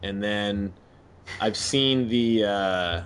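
A man's voice: lowish voice, drawn-out words, fairly bright tone, slight background noise. Wry joking man on a podcast. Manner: wry, self-deprecating jokes. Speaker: podcast co-host. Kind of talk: casual chat.

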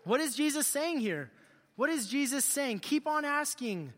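A male youth pastor preaching a sermon in an animated, joking way, asking the group questions. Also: very high voice, measured pace, in a large hall. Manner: animated, jokey, asks the crowd questions.

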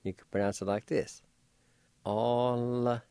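On a radio language lesson, a man with a mid-range, darkish, animated voice spells and pronounces words slowly and deliberately, letter by letter, urging listeners to practice. There's no echo.

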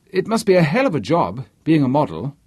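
A man's voice: on the high side, huge pitch swings, a little fast, a little mellow, husky, dry recording, pitched above the performer's own voice, heavily acted. A man reading as a diffident young charmer. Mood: eager, chatty.

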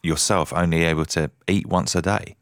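A male breakfast radio presenter interviewing a guest, gentle and prone to stammered restarts. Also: deep voice, steady tone, moderate pace, no echo, clean studio sound.

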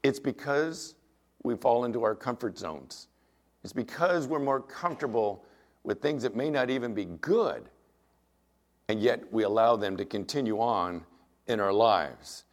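A man's voice: medium pitch, expressive, measured pace. A middle-aged man preaching a sermon as pastor, earnest and emphatic, weaving in personal anecdotes.

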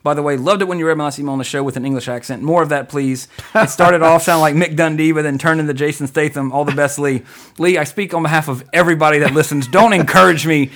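A man's voice: fairly high pitch, fairly even intonation, fairly bright tone. A man co-hosting a casual podcast, reading listener emails aloud, tripping over words and joking about himself. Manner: fast-talking, trips over words, self-deprecating.

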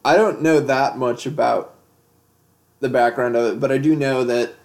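A man's voice: mid-range voice, steady tone, normal speed. A man co-hosting a casual music podcast, rambling through his thoughts and filling them with "like". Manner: rambling, heavy use of "like". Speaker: podcast co-host. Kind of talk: casual chat about music.

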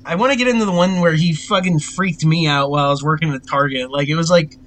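A man's voice: a little high, fast, fairly bright tone, low-quality recording. A young man co-hosting a podcast, chatting casually, laughing often and swearing freely. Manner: laughs often, loose and profane. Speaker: podcast co-host. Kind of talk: casual chat.

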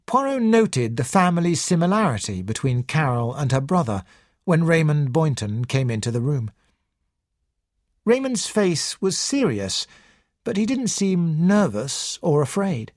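A narrator reading a story aloud in a clear, scripted way. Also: mid-range voice, very animated, unhurried, dry recording, studio quality. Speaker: audiobook narrator.

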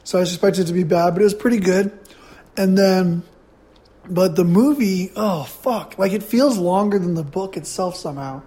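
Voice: mid-range voice, normal speed, dark tone. A podcast host rambling through a blunt, profane solo movie review while eating.

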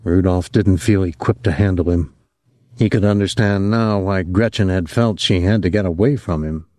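A man narrating a novel in a measured, expressive storytelling manner. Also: low-pitched, no room sound, clean studio sound. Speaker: audiobook narrator.

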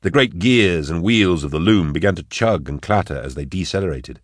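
A man narrating a story in a steady, measured reading. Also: sits low, no room sound, clean studio sound. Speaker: audiobook narrator. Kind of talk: scripted narration.

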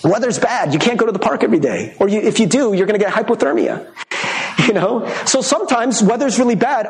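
A pastor gives a casual, conversational sermon, laughing easily as he speaks. His voice sits high and swings widely in pitch. The sound carries a roomy echo. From Michigan. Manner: conversational and animated, with frequent laughs.

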